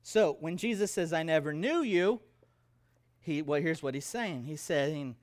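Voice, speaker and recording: A middle-aged male pastor delivers a sermon in an emphatic, conversational way, mixing humor into his points. His voice sits a little higher than most men's. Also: lively intonation, a little slow.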